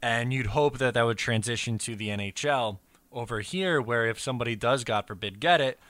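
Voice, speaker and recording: Bright-voiced man in sports chat. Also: mid-range voice, a little fast, dry recording. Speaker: podcast co-host.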